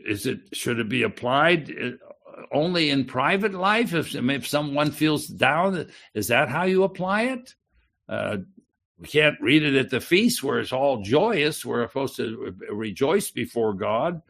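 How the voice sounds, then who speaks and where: A man with a gravelly voice reads scripture slowly and then talks it over. His pitch rises and falls a great deal as he leans on the words. He often stops and restarts mid-thought. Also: fairly bright tone. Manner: slow, emphatic reading with frequent restarts and musing asides. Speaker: Bible teacher. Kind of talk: reading and explaining a psalm.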